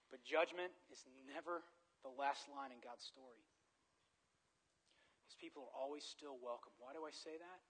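A man preaching a sermon, telling a personal story with big swings between excited loudness and quiet earnestness. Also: mid-range voice, slightly rough, low-quality recording. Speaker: pastor.

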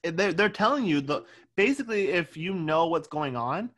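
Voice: medium pitch, lively intonation, normal speed, a bit bright. A podcast co-host in casual chat, talkative, walking through scenes with frequent restarts.

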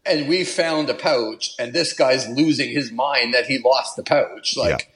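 Guest voice: a man, mid-pitched, animated storyteller, chatty and casual. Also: unhurried. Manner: animated, laughs while telling, puts on an Italian accent for quotes. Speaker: podcast guest.

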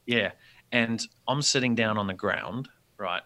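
Animated man telling a story. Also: on the low side, a little slow. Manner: rambling, animated storyteller with many restarts. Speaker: guest. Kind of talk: casual storytelling on a podcast.

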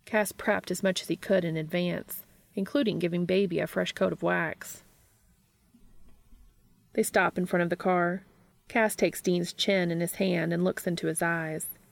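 A woman reads a fan fiction story aloud in a steady narrating voice. Her tone sits a little low with a gravelly texture, recorded close and dry. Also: measured pace, no room sound.

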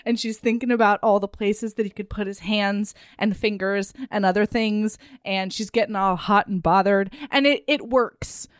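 A woman co-hosting a podcast, recapping a romance novel in casual chat, animated and profane, often laughing. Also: mid-range voice, moderate pace, hardly any pauses, clean tone, dry recording, clean studio sound. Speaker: podcast co-host.

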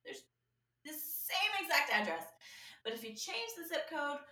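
A woman's voice: sits high, a little slow, far from the mic. A woman telling a story in casual chat and acting out the people in it. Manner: animated storyteller, acts out quoted people. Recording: echoey room, a bit off-mic.

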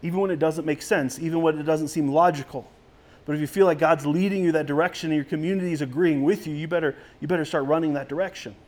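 A man's voice: fairly high pitch, steady tone, quick pace, a little mellow. A man preaching a sermon as a pastor in a conversational way, with frequent restarts.

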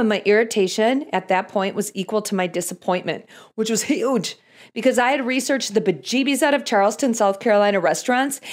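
Wry, self-mocking middle-aged woman storyteller. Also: mid-range voice. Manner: wry, self-deprecating humor. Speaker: podcast host. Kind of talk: storytelling podcast with Bible teaching.

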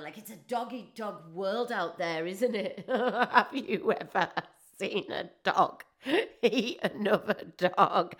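A woman in her forties with a Northeast English accent, rambling through a jokey casual monologue and laughing often. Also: medium pitch. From northeast England. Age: 40s.

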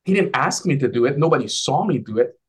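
A man talking casually as a guest on a video call, an advisor who tells animated stories and acts out the dialogue in a lifted voice. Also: medium pitch, quick pace, slightly rough. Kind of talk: casual conversational storytelling.

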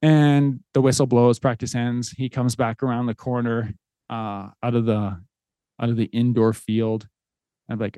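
Podcast dad in his 30s telling a story, earnest, mellow voice, dry close mic. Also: medium pitch, level tone, measured pace, no room sound. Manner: earnest, heartfelt, with restarts. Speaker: podcast host. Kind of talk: personal storytelling.

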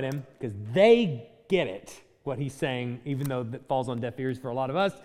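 A man teaching a Bible class from slides, talking in a conversational way and thinking aloud with fillers and quick self-corrections. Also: mid-range voice, animated, a little mellow, in a large hall.

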